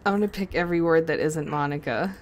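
A woman's voice: sits low, quick pace, a little hiss or hum. A young woman playing a game and commenting on it, jumpy and nervous, often laughing. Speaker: let's play host.

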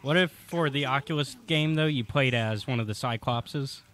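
A man's voice: medium pitch, moderate pace, fairly bright tone. A man co-hosting a casual movie podcast, adding short, laid-back comments. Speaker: podcast co-host.

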